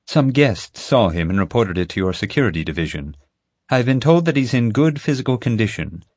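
A man voicing a stern, commanding woman FBI agent in an audiobook, brisk and insistent. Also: medium pitch, very animated, a little mellow, dry recording, studio quality, voice pushed up. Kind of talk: audiobook character voice.

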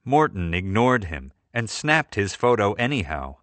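Male narrator, first-person audiobook, wry, animated, dry studio. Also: fairly low pitch, a little slow, few pauses, dry recording. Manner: wry, lively storytelling.

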